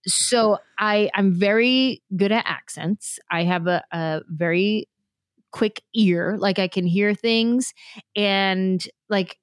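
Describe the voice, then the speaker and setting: A woman comedian from San Jose, telling stories in a quick, animated way as an interview guest. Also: mid-range voice, clean tone, no room sound, studio quality. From San Jose, California, US. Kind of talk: casual interview storytelling.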